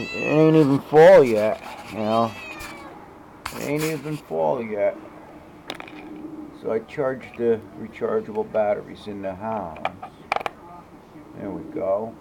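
A man talking to his pet cat in a casual home video, switching between everyday muttering and high sing-song baby talk. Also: gravelly, noisy background. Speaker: cat owner. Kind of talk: casual talk to a pet while doing chores. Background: cat meowing.

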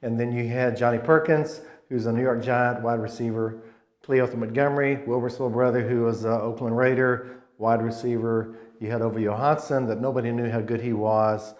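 In a relaxed interview, a man in his 60s who played college football recalls those days loosely, often starting sentences over and livening up at the big moments. He's an alum guest with an ordinary mid pitch, moderate pace, and clear room echo.

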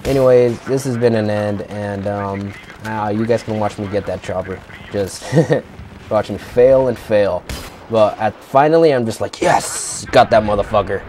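A man's voice: fairly low pitch, a little slow, dark tone, a little hiss or hum. A teenage young man ranting in a profane, rambling way, full of fillers, as he tells a story for his vlog. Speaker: vlogger.

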